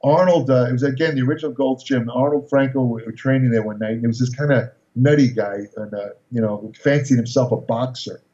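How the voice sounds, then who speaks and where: A man's voice: mid-range voice, fairly even intonation, fairly quick, hardly any pauses, warm tone. A man in his sixties, a podcast guest, telling casual anecdotes in a rambling way, full of restarts and fillers. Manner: rambling storyteller with many restarts. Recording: distant roomy dull recording.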